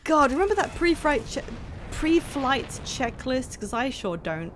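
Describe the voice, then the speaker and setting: Female streamer, high and lively voice, chatty and excitable gameplay chat. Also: measured pace, slight background noise. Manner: chatty, excitable, laughs at herself. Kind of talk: casual live-stream chat while gaming.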